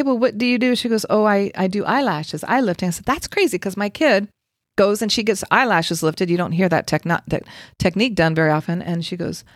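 A woman's voice: on the low side, dry recording, clean studio sound. A middle-aged woman, a Reiki practitioner, telling a story in casual chat and acting out the voices of the people in it.

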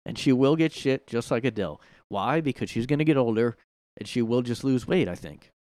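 A man's voice: mid-range voice, animated, brisk, darkish tone, no echo. A man hosting a solo podcast from his room, rambling sarcastically with lots of filler words. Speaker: podcast host. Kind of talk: casual solo commentary.

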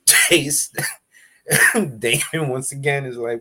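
A man chatting casually as a podcast host, animated and profane, laughing often and acting out quotes. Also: mid-range voice, extremely slow, pauses often. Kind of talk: casual recap chat.

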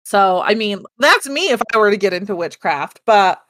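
A woman's voice: mid-range voice, expressive, normal speed, a bit bright, dry recording. Chatty woman podcast co-host, dry sound. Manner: chatty, rambling, self-deprecating. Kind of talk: casual chat.

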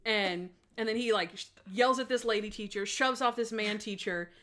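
A young woman in relaxed conversation, telling an anecdote with plenty of "like" and "you know". She acts out the quotes with lively shifts in her voice. Her pitch sits in the middle for a woman. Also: normal speed. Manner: animated, lots of fillers and acted-out quotes. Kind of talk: casual storytelling chat.

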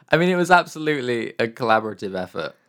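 A man's voice: medium pitch, a bit bright. A man co-hosting a casual podcast, teasing and playful, often laughing. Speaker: podcast co-host. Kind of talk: casual chat.

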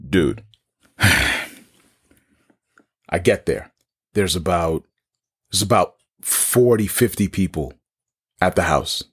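Animated New York man telling a story. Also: low-pitched, slow pace, pauses often, slightly rough. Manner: animated storyteller, acts out dialogue, repeats words. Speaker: guest telling his story. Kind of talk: casual podcast conversation.

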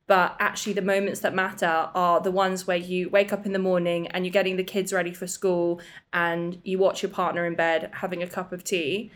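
A woman's voice: lowish voice, level tone. Chatty woman podcast host. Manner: chatty, emotional, quick asides. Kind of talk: casual chat.

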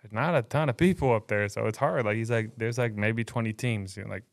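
A man's voice: lowish voice, brisk, vocal fry. A man hosting a barbecue podcast, chatting casually in a rambling, easygoing way. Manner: rambling, easygoing, many fillers. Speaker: podcast host. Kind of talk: casual chat.

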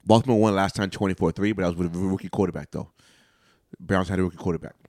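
A man co-hosting a casual sports podcast, teasing his partner and arguing his points calmly. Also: low-pitched, fast talker, no room sound, clean studio sound. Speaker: podcast co-host.

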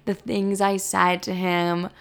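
A young woman telling a personal story casually, brash and profane, self-mocking, quoting people with lively energy. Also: lowish voice, slow, creaky, clean tone.

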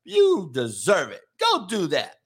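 A man's voice: high-pitched, wildly swooping pitch, measured pace, fairly bright tone, slightly rough, heavily acted. A man putting on the voice of a gullible churchgoer who gushes adoringly over a preacher. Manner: squealing, starstruck gushing.

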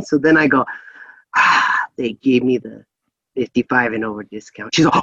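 A man's voice: medium pitch, moderate pace, fairly bright tone, husky, no echo, lo-fi sound. A man in his forties co-hosting a casual chat podcast, telling stories and laughing often. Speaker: podcast co-host.

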